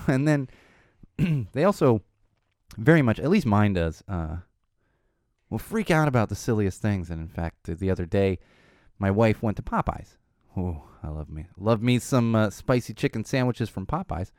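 A man in his thirties talking casually about parenting, exasperated, with sudden high-pitched quotes of his young kid. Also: a little mellow, no echo, clean studio sound. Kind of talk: casual monologue.

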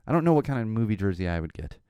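A middle-aged man with a lowish voice talks in a loose, rambling way, full of "uh"s, and a slight hoarseness sits under his words. His pitch swings widely as he gets animated. The sound is dry and close, with no room around it. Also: racing, dry recording. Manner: rambling, animated, frequent "uh" fillers. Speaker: podcast host. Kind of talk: casual solo chat.

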